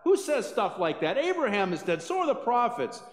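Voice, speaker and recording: A man voicing indignant religious leaders who shout their accusations in a raised, high voice, in an echoey hall. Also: sing-song, normal speed. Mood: outraged.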